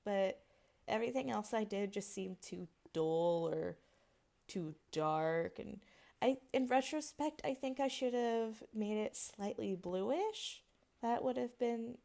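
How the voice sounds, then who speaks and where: Female artist-host, under the weather and worn out, fairly high gravelly voice, chatty and self-critical. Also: darkish tone. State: sick voice; tired. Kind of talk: casual commentary on own drawing.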